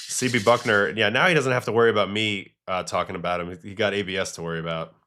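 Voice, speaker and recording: A man with a somewhat low voice hosts a relaxed livestream. He chats loosely as he reacts to game clips and reads chat questions, mixing stories with quick takes. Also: a little hiss or hum. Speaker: host, former pitcher. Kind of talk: casual livestream commentary.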